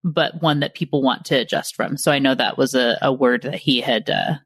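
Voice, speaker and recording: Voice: medium pitch, a little fast, husky, dry recording. Podcast host on a dry close mic. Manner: relaxed, shares references and builds on the guest's points. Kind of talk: casual interview chat.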